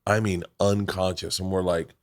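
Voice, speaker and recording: Brief: male host, low voice, loose and rambling, swearing, laughs easily. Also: level tone, normal speed. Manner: rambling, profane storytelling with restarts. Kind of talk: casual chat.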